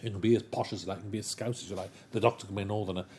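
Male interview guest, low-pitched, eager storyteller who rattles along quickly. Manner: animated, enthusiastic and rambling. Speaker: guest, television writer. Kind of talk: casual interview chat.

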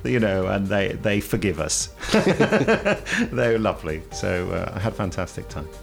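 A man's voice: low-pitched, normal speed, vocal fry, faint music behind. A man hosting a podcast in a jokey, rambling chat, laughing often, from Britain. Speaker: podcast host.

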